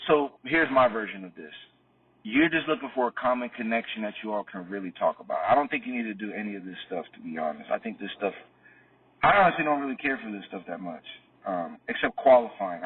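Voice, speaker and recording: Male dating coach, casual rambling delivery, low husky tone, thin distant phone-quality audio. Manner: loose and rambling, heavy "you know what I mean" fillers; acts out both sides of sample dialogues. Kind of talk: casual explanatory talk.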